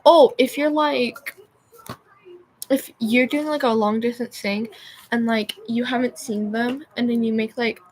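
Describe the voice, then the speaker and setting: A woman's voice: on the high side, steady tone, unhurried, darkish tone, a little hiss or hum. A young woman chatting on a livestream, rambling and losing her train of thought with constant filler words. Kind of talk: rambling live-stream chat.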